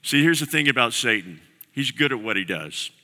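A man's voice: mid-range voice, animated, brisk, pushed and bright. A man preaching a sermon as pastor, earnest and repeating key phrases for emphasis. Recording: long reverb of a large hall.

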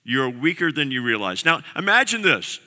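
A man's voice: medium pitch, big pitch swings, brisk, sharp tone. A man preaching a sermon as pastor, earnest and repeating key phrases for emphasis. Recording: long reverb of a large hall.

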